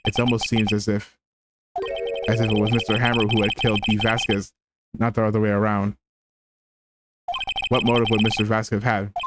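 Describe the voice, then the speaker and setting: This is an arrogant young prosecutor who speaks in measured, condescending lines. A man reads him in his own low voice. Loud game music plays behind him. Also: flat delivery, natural voice. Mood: aloof.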